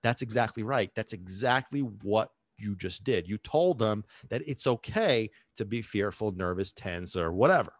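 A male dog trainer hosts a podcast monologue. His pitch rises and falls a lot as he acts out voices and checks in with listeners. The sound is close and dry. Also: moderate pace, hardly any pauses, no room sound. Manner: animated, acts out voices, asks listeners questions.

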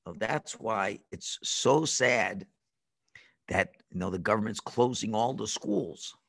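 A man teaching a children's religious class over a video call, telling the story in an animated way and acting out the voices. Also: lowish voice, takes it slowly, vocal fry.

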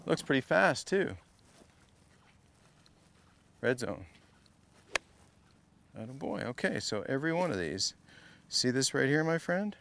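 A man's voice: mid-range voice, very animated, slow pace, gravelly, long pauses, a bit bright, slight background noise. A man coaching a student through a golf lesson, playful and teasing, repeating short drill cues over and over. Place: golf academy practice area.

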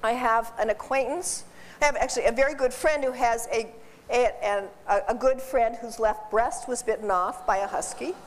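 A woman who works as a dog behavior consultant, giving a seminar in a chatty, animated way, laughing often and repeating her words. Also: on the high side, moderate pace. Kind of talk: informal seminar talk. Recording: distant voice in a reverberant hall.

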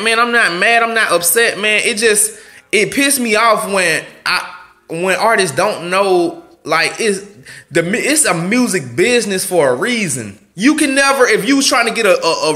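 Casting: high, bright-voiced young male vlogger, blunt and slangy, faint music underneath. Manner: blunt, slangy, profane, animated. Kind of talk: casual advice rant.

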